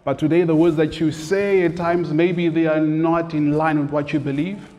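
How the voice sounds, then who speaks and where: A man's voice: a little high, little pitch movement, moderate pace, warm tone, long reverb tail, highs cut off. A man preaching a sermon in a conversational way, often acting out what people say and repeating his words. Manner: conversational, acts out quoted voices, repeats words.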